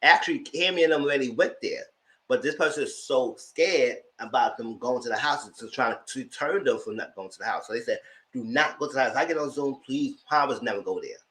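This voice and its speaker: A man's voice: mid-range voice, fairly quick, rough recording. A man casually recapping a reality TV episode, telling it as a story and acting out the people's lines. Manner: animated storytelling, acting out quotes. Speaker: TV show reviewer.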